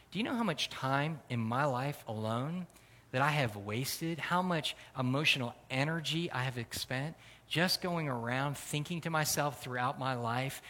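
A man preaching a sermon as pastor, earnest, swelling louder and higher for emphasis. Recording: long hall reverb.

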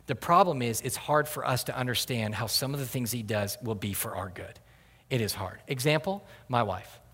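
A man's voice: mid-range voice, normal speed, sharp tone, slightly rough. A middle-aged man preaching a sermon as a pastor, earnest and building to emphatic peaks, often restarting his words. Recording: long hall reverb.

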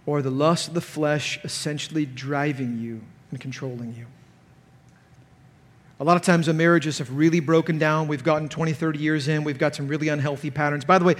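A man preaches at a conference, his voice sitting high for a man. He is animated and turns loud and sharp when he acts out the people he quotes. A long reverb hangs on every phrase in the large hall. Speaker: pastor. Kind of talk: conference sermon.

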